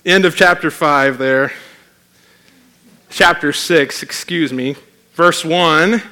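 A man's voice: fairly high pitch, takes it slowly, long pauses, bright, forceful tone. A man preaching a sermon in a conversational, emphatic way, reading scripture aloud.

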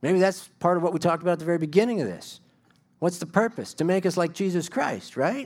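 A man's voice: high-pitched, expressive, brisk, darkish tone. A middle-aged man preaching a sermon in a conversational, self-deprecating way, building to emphatic bursts.

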